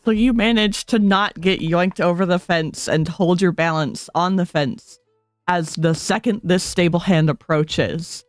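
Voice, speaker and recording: Woman game master, lower voice, dry close sound, faint violin music underneath, calm narration. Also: a little slow, no room sound. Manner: calm, steady narration with hesitations.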